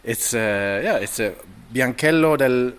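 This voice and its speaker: A man, a podcast guest chatting casually and haltingly, with many restarts and fillers. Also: medium pitch, animated, clear, resonant tone. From Denmark. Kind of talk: casual chat. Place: indoors, over drinks.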